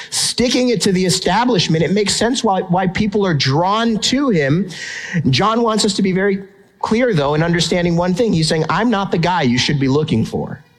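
A middle-aged male pastor preaching a sermon, emphatic and animated, asking the congregation rhetorical questions. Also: high voice, rough recording.

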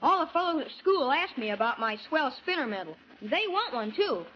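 A woman's voice: high-pitched, sing-song, fairly quick. An actress playing an eager young boy who reads out his fan letter in a radio program. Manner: eager, enthusiastic. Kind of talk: 1940s radio acting. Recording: dull old radio broadcast, faint hiss.

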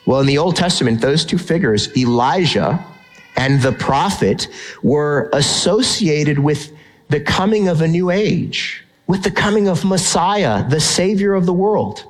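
A man's voice: on the high side, expressive, a little slow, poor audio. A middle-aged man preaching a sermon, who acts out the quoted lines of the people he reads about. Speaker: pastor.

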